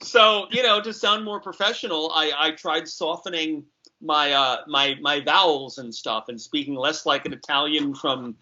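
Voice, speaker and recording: A man from New York talks in a casual podcast chat, animated and full of chuckles. His voice is very bright and sharp, a little high for a man, and the audio comes through muffled and lo-fi. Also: normal speed. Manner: animated, talkative, chuckles often.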